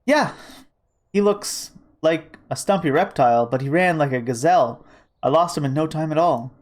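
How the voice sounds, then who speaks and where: A man's voice: on the high side, normal speed, close to an everyday voice. A man voicing an earnest young male sparrow assistant in a game reading, eager and a bit whiny.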